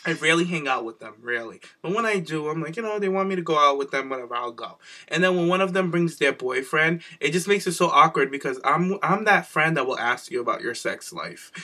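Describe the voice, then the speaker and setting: A man's voice: animated, fast talker, few pauses, bright, forceful tone. A man co-hosting a podcast, chatting casually about wrestling with sassy, profane commentary. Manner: sassy, swearing, acts out quotes with big pitch jumps. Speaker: podcast co-host.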